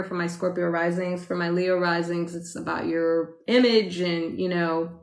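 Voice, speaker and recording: A woman hosts a casual live stream, loud and talkative. She answers viewers and tells rambling stories, breaking into laughter often. Her voice sits in a roomy, echoing space, recorded on a phone. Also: on the low side. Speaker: astrology livestream host. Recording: roomy echo.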